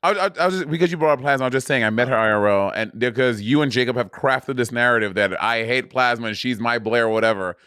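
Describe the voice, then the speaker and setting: This man speaks fast at a medium pitch, barely pausing, his tone bright, forceful, clear and resonant. The studio-quality audio has no echo. Co-hosting a casual podcast over a video call, he talks loosely and swears freely.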